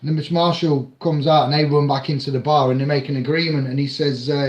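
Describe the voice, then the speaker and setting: A man casually recapping a film in a rambling, halting way, with many fillers and restarts. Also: a little high, steady tone, a little mellow. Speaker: film reviewer. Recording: dull lo-fi audio in an echoey room.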